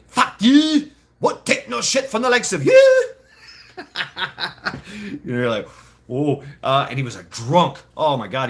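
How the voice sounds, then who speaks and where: Rambling man with a bright voice. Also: mid-range voice. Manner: rambling, laughs often, puts on quick voices. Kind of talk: casual chat.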